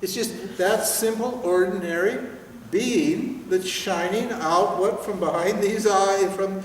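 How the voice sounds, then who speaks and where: An older man giving a spiritual teaching at a seminar, telling stories in an animated way with laughter and swearing. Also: high-pitched, a little hiss or hum. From United States. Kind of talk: seminar talk. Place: large hall with audience. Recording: echoey hall, voice from far off.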